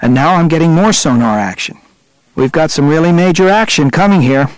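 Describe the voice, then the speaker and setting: A man voicing an excited male submersible pilot calling out sonar finds in eager, quick exclamations. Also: fairly high pitch, dry recording, pitched above the performer's own voice, low-quality recording.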